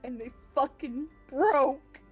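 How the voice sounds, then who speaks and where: Brief: high-pitched woman player, excitable and profane, casual podcast recap, faint music behind. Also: slow. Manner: excitable, swearing, laughing often.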